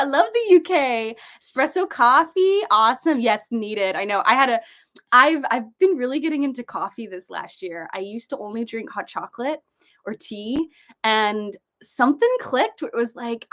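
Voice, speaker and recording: Young adult woman host from San Diego, casual livestream, bubbly and effusive, a bit high-pitched. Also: animated, moderate pace, a bit bright. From San Diego, USA. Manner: bubbly, gushing, often jumps up in pitch reading greetings. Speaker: author and video creator hosting a livestream. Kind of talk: casual livestream chat reading comments. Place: desk at home overlooking the ocean.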